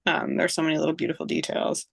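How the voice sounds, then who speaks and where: A woman's voice: low-pitched, completely flat delivery, fast talker, creaky, breathy edge, dry recording. A woman in her thirties, a podcast guest, recounting a personal story in casual chat, acting out dialogue with lots of fillers.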